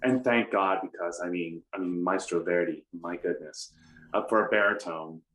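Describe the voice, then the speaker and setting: A middle-aged American man, an opera baritone, telling animated stories with self-deprecating humor in a conversational interview. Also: normal speed. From United States. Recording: roomy room echo.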